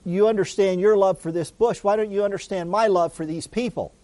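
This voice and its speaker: A man's voice: sits high, brisk, warm tone, dry recording, close to an everyday voice. A man preaching a sermon who voices God in his own voice, reasoning patiently with rhetorical questions. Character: patient, reasoning God speaking to a sulking prophet.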